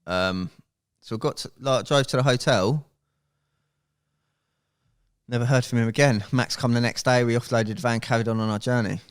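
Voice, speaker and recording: A man, a podcast guest, telling a story in casual chat, animated and swearing freely as he goes. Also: mid-range voice, moderate pace, long pauses, smooth.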